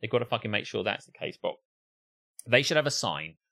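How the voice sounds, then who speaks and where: A man's voice: fairly low pitch, expressive, fairly quick, gravelly, sharp tone. A man co-hosting a podcast, ranting in casual chat with plenty of swearing and acted-out impressions. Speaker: podcast co-host.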